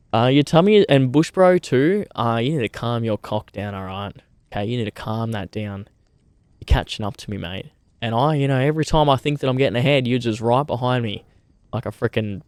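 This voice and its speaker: A man's voice: mid-range voice, a little mellow, dry recording. A young Australian man chatting with his livestream viewers outdoors by a campfire. He is laid-back and matey, swears a lot and calls people mate. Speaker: streamer. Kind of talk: casual livestream chat with viewers.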